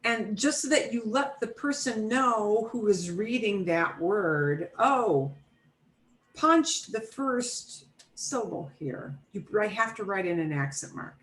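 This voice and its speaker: A woman's voice: mid-range voice, animated, slow, fairly bright tone, poor audio. A middle-aged woman teaching an online Spanish class, explaining grammar patiently step by step with everyday examples over a video call.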